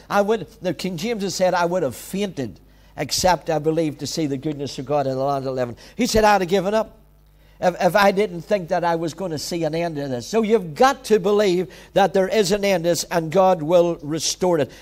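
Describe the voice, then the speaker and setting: Male pastor, high-pitched, emphatic repetitive sermon delivery. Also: fairly quick, darkish tone. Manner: emphatic, repetitive preaching with direct exhortations.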